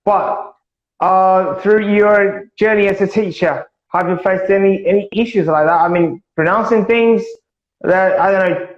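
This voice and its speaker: A high-voiced man who speaks English as an asks questions on a live video call, stopping and restarting, then grows lively as he tells a story. His voice sits high for a man, and the call sounds roomy and a little muffled. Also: unhurried. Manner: hesitant, many fillers and restarts, animated when telling stories. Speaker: interviewer. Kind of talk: casual live-stream interview.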